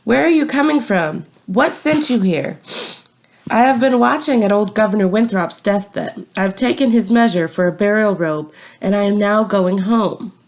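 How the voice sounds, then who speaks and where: A woman's voice: medium pitch, moderate pace, a little mellow, lightly acted. A woman reading the lines of a patient outcast mother in old-fashioned formal speech. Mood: calm.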